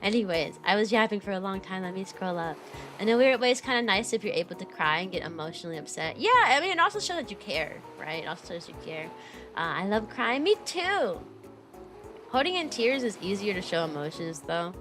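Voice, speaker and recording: A young woman talks in a casual, rambling way, full of fillers and restarts. Her voice is bright and clear, and it leaps upward now and then. Soft music plays faintly in the background. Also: sing-song, quick pace. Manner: rambling, filler-heavy storytelling with sudden high-pitched jumps. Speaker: VTuber streamer and kindergarten teacher. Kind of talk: casual chat stream.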